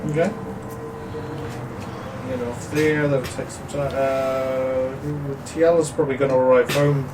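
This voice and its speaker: A man serving as game master, narrating a tabletop game and reading in-world news in a steady announcer tone. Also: mid-range voice, unhurried. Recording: distant roomy mic with loud background noise.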